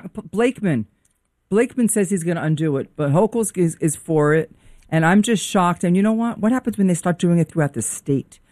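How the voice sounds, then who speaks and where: A woman giving forceful, alarmed commentary on real estate in a talk show discussion. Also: fairly low pitch, lively intonation, dry recording, studio quality. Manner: forceful, alarmed, rapid-fire points.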